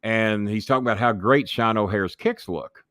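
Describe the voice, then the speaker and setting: Middle-aged man, low voice, dry close sound; raunchy storyteller who swears freely and does voices for the people in his tales. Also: normal speed, fairly bright tone, no echo. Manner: swears freely, acts out others' voices, laughs mid-story. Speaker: wrestling manager and commentator guest. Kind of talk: profane storytelling in an interview.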